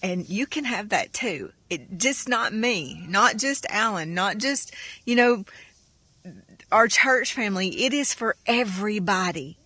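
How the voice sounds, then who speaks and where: A woman's voice: mid-range voice, lively intonation, measured pace, pushed and bright, dry recording. A middle-aged woman, sharing a heartfelt, emotional faith testimony on her farm vlog, rambling and saying y'all often. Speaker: farm vlogger.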